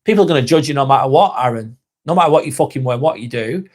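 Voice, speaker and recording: A man's voice: mid-range voice, expressive, fast, darkish tone. A man, hosting a casual live stream, chatting to viewers by name, laid-back and swearing freely. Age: 40s.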